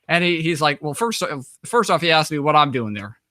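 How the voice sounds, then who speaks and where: A man's voice: a little high, sing-song, fairly quick, sharp tone, dry recording, clean studio sound. A young American man with an American accent, telling a long story as an interview guest, rambling with many fillers and acting out the dialogue. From United States. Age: young adult. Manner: acts out quoted dialogue in conversation. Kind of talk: casual storytelling.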